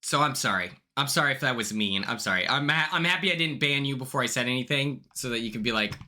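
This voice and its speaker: A young man hosting a livestream, chatting casually in a blunt, sassy way, swearing freely and quick to apologize. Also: mid-range voice, expressive, sharp tone. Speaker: livestream host.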